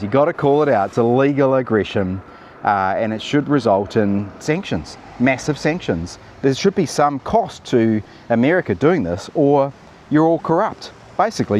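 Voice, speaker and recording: Slight background noise sits behind a medium-pitched, darkish male voice. This New Zealander hosts a political commentary show, sharing casual opinions in a cheeky, blunt, meandering manner riddled with fillers.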